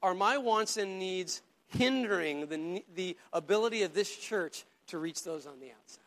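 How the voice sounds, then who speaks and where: A man's voice: high-pitched, lively intonation, moderate pace, a bit bright. A pastor preaching a sermon to his church in an earnest, conversational way, often repeating words as he goes.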